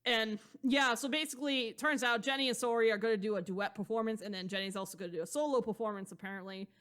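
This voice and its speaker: A woman's voice: on the high side, steady tone, fast talker, a bit bright, clear, resonant tone. A woman co-hosting a podcast, recapping a novel in a loose, rambling way with plenty of fillers and casual swearing. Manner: rambling, loose and profane, heavy on fillers like "blah, blah". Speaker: podcast co-host. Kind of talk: casual chat recapping a book.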